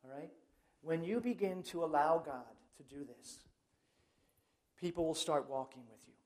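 A middle-aged man, a Catholic priest, preaching in a chatty, animated way with self-mocking humor and personal stories. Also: fairly high pitch, moderate pace. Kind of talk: lively sermon with personal stories.

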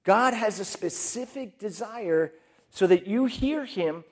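A man with a notably high-pitched voice delivers a sermon. His talk is chatty and conversational, and he slips into voicing the thoughts of the people he describes. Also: animated, slow pace. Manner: conversational, acts out quoted inner voices. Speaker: preacher.

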